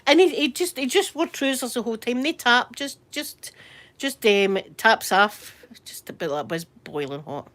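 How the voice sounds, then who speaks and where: Chatty Scottish woman, lively voice. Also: fairly high pitch, normal speed. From Scotland. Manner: chatty rambling storyteller, reads out viewer comments. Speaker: livestream host. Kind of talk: casual chat livestream. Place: in bed at home.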